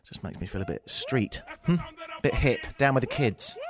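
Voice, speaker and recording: Animated, jokey radio host. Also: male voice, medium pitch, normal speed, a crowd in the background. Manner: animated, jokey, acts out stories in raised voices. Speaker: radio talk show host. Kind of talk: casual radio talk. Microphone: studio microphone.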